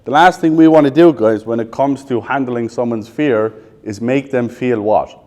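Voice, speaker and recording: An Irish man in his thirties coaches a live room of salespeople, tossing out quick questions and finishing the answers himself. His voice sits at an ordinary middle pitch, and his delivery is blunt and laced with swearing. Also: darkish tone. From Ireland. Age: 30s. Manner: quizzes the audience with rapid questions, blunt and profane. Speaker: sales trainer. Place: training room with a live audience.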